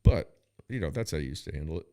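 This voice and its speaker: A man's voice: a bass voice, expressive, fast, warm tone. A middle-aged man telling a rambling story in casual chat, profane and laughing often. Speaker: podcast host.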